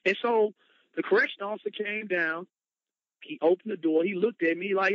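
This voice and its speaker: A man's voice: sits high, normal speed, no echo. A man, a motivational speaker, telling his personal story with emphatic, dramatic retelling. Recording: dull lo-fi, dry sound.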